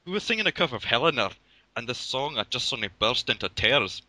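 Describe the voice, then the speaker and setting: A man's voice: medium pitch, sing-song, quick pace, sharp tone, no room sound. A young man reading a fan fiction aloud to friends, stumbling over the text and laughing at it. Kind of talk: casual comic read-aloud.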